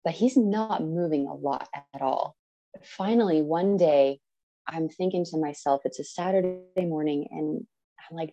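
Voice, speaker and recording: A woman in her thirties tells her own story as a podcast guest. She speaks earnestly and vividly and slips into the voices of the people in her story. Her voice sits a little low, with a warm, mellow tone. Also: a little slow, highs cut off. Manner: earnest, animated, acts out quoted speech. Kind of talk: personal storytelling.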